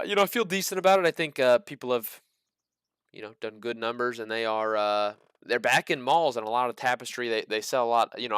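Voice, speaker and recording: A man's voice: mid-range voice, a bit bright, clear, resonant tone, no room sound, studio quality. A man hosting a casual stock market video, full of joking, incredulous asides. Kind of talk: casual commentary.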